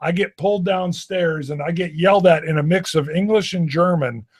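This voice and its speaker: Whisky co-host, male, animated storyteller, casual stream banter, voice pitched a bit high. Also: moderate pace, breathy edge. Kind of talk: casual live-stream chat.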